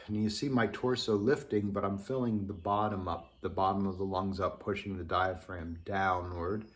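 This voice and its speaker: A man teaching a trombone lesson, speaking thoughtfully with many pauses and ums. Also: low voice, fairly even intonation. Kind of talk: instructional lesson.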